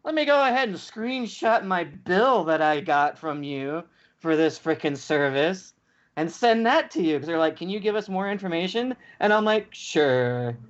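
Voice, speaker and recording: A man's voice: a little high, animated, moderate pace. A man co-hosting a podcast, ranting in a casual chat and acting out both sides of the story. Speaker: podcast co-host. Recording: dull lo-fi podcast audio.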